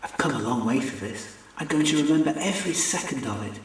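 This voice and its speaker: A man's voice: on the high side, animated, fast talker, voice pushed up, lightly acted. A man as a lovestruck male alien, earnest. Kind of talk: audiobook character voice. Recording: echoey room, distant mic.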